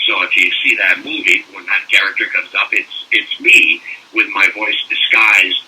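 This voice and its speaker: An older man, a voice actor, telling animated anecdotes in a casual interview and slipping into mock French-accent bits. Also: on the low side, moderate pace, breathy edge. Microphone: phone call. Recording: distant phone-call audio.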